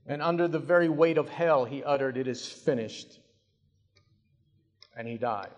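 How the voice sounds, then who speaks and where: A male preacher delivering a sermon, telling the story dramatically and swinging between hushed and loud passages. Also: on the high side, fairly quick. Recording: long hall reverb.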